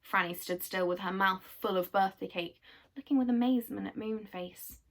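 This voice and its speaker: A woman reading a children's book aloud, telling it expressively and softly. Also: medium pitch, normal speed. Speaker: storyteller.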